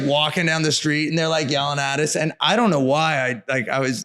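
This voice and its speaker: A man telling a story as a brewery co-founder guest on a podcast, animated and rambling, filling his speech with "like". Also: fairly high pitch, brisk. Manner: animated, rambling, frequent "like" fillers. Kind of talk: casual storytelling.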